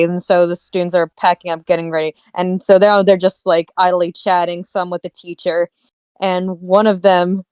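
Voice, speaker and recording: Smooth-voiced young woman, dry sound. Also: fairly low pitch, darkish tone, no echo. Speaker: podcast co-host. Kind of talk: casual storytelling.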